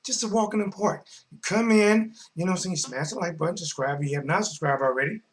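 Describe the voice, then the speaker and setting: High-voiced male stream host, hyped slangy sports commentary with loud-soft swings. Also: quick pace. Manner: animated, slangy, swings between mumbling and shouting. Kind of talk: casual live-stream commentary.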